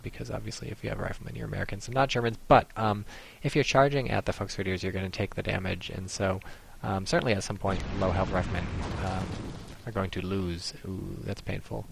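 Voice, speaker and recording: A man's voice: lowish voice, fairly even intonation, quick pace, vocal fry, hardly any pauses, background noise. A man giving casual, rambling commentary on a strategy game, explaining tactics with many ums.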